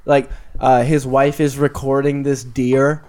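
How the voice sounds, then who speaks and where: A man's voice: medium pitch, flat delivery, a little slow, a little mellow. A man telling a funny story in casual chat, laughing through his own lines.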